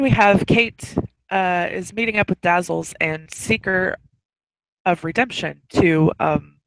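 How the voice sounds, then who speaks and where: Woman storyteller, slow, lots of ums, raspy fry. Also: lowish voice, fairly bright tone, low-quality recording. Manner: rambling, many fillers. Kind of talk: setting up a role-play scene.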